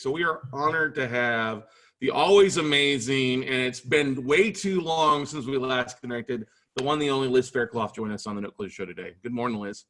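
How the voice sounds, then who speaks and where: Bright, forceful male podcast host. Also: medium pitch. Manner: enthusiastic, chatty, lots of "uh" and "you guys". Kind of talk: casual podcast interview.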